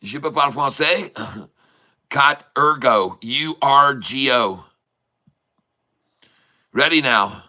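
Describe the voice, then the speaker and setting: Speaking slowly and pausing often, this man has a medium-pitched, bright, forceful voice with lively intonation. He's live-streaming commentary on day trading, laughing frequently and joking as he reads chat before turning to repeated urgent warnings for viewers.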